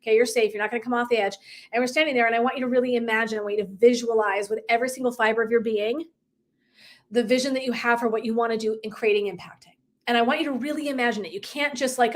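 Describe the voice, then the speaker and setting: A woman's voice: a little high, fairly even intonation, fast. Emphatic, swearing woman coach. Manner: emphatic, profane, laughs often, acts out dialogue. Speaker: wellness and life coach. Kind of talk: live motivational coaching talk.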